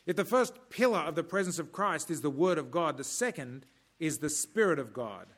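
A man preaching a sermon in a measured, emphatic way, breaking off now and then for dry humorous asides. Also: on the high side, lively intonation, fairly bright tone.

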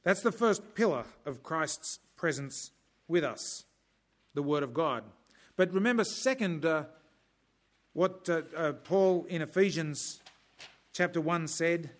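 A man with a fairly high voice preaches a sermon in a measured, emphatic manner. Every so often he breaks off for a dry, humorous aside.

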